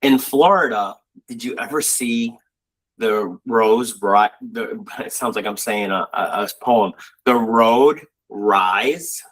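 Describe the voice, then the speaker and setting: A man's voice: on the low side, takes it slowly, poor audio. A man co-hosting a casual chat, telling rambling stories with lots of fillers. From Buffalo, New York. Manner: rambling storyteller, animated, frequent fillers. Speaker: co-host.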